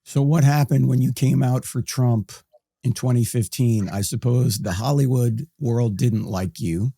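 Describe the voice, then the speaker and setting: A man's voice: mid-range voice, measured pace, dark tone, no room sound, studio quality. A man hosting an interview, asking brief, direct questions. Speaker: host.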